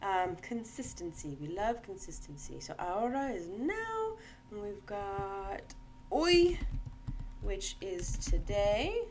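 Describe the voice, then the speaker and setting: Chatty woman walking through a tutorial. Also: mid-range voice. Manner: chatty, checks in with "right?", self-correcting. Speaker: founder demonstrating her game-making tool. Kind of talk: casual screen-share tutorial.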